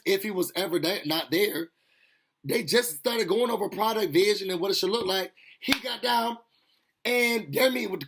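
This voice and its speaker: Sassy high-voiced man recapping TV. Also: breathy edge. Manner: animated, sassy, talks straight to viewers. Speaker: TV recap host. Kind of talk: casual recap commentary.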